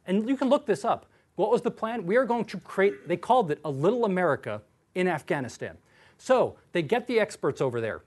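A man lecturing in an animated, sarcastic way, often acting out what others said. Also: high voice, brisk, husky. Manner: animated, sarcastic, acts out quotes.

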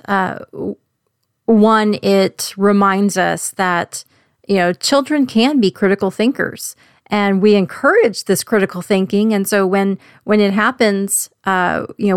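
A woman moderating a panel discussion, asking questions in a measured way and searching for her words. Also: medium pitch, clean tone, no room sound, clean studio sound.

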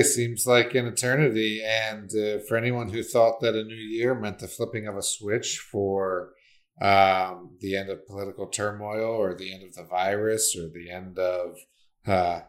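Low-voiced male podcast co-host. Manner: relaxed, with frequent fillers and restarts. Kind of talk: casual podcast chat.

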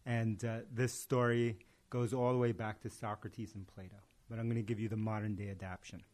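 A man's voice: on the low side, little pitch movement, brisk, darkish tone. A man in casual conversation, telling a story and acting out its dialogue. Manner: tells parables with acted-out dialogue.

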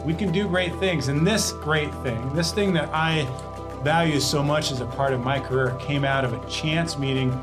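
A male scientist guest telling a story in a podcast interview, lively and laughing as he acts out the people he quotes. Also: a little high, moderate pace, music in the background.

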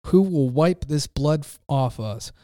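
A man's voice: a little high, animated, measured pace, mellow, no echo, clean studio sound. A man voicing a frantic grown man who cries out urgent questions to a crowd, read in a declaiming way. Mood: anguished.

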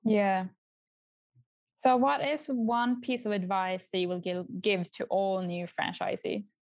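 A woman's voice: medium pitch, fairly even intonation, unhurried, darkish tone, no room sound. A woman asks interview questions, with brief, affirming replies in between.

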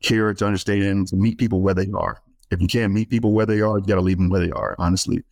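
Deep-voiced earnest man telling stories. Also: steady tone, fast, a little mellow, no echo. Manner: earnest storyteller, many fillers and restarts. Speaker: guest speaker and author working with student athletes. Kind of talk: conversational podcast interview.

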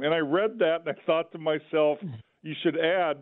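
A man with a fairly high voice chats on a radio money show, rambling and full of "uh"s. His voice comes through a tinny, phone-like line with a thin sound. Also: normal speed. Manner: rambling, many fillers. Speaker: financial advisor, show regular. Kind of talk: radio talk show chat.

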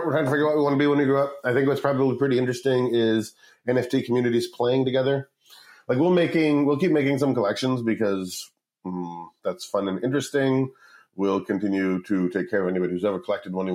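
A man in his forties who founded a company tells a long story in a casual interview, using a mid-range voice over a rough recording. His talk is profane and rambling, with lively impressions of what others said.

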